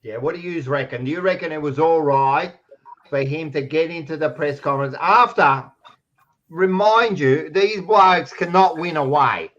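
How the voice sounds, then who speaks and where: A high-voiced Australian man who rants hard and swears freely through a football argument. His voice comes through a dull, muffled recording. He talks bluntly and keeps pushing his point. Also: moderate pace, fairly bright tone. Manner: blunt, swears a lot, ranting. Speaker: podcast co-host. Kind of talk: heated footy banter.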